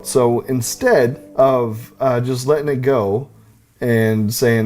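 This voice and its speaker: A man preaching a sermon, telling animated stories with self-deprecating humor. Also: medium pitch, unhurried, soft background music. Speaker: pastor.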